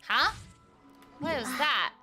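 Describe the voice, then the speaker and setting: A woman's voice: high voice, expressive, slow, sharp tone. A woman voice actor chatting casually with viewers during a game live stream, playful, giggly and teasing herself. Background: game music.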